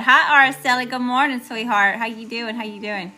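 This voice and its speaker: A woman's voice: on the high side, fairly quick, hardly any pauses, sharp tone, soft background music. A woman giving a live tarot reading, chatty and informal, greeting viewers and often checking in with "okay?". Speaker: tarot reader.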